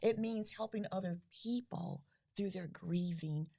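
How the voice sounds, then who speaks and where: An earnest middle-aged woman speaks as a guest on a podcast, often letting her phrases trail off softly and breathily. Her voice is somewhat low, husky and gravelly. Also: a little slow. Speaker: guest, grief foundation founder. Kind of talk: podcast interview.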